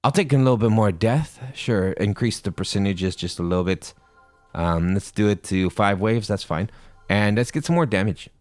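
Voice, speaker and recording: A man's voice: lowish voice, moderate pace, darkish tone, no room sound, faint music behind. A man giving playful gameplay commentary, talking to himself and cracking corny jokes as he plays. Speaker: gaming YouTuber.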